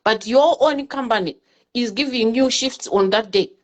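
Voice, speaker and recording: A woman's voice: on the high side, moderate pace. A woman in a casual talk-show discussion, earnestly giving advice and often repeating her words. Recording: muffled lo-fi audio.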